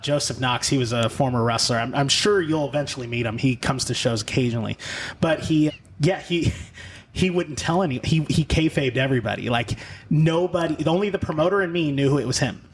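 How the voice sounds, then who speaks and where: A man hosting a podcast, telling stories in a lively, laughing way. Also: medium pitch, fairly quick, slight background noise. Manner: animated storyteller, laughs often. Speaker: podcast host. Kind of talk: casual interview chat.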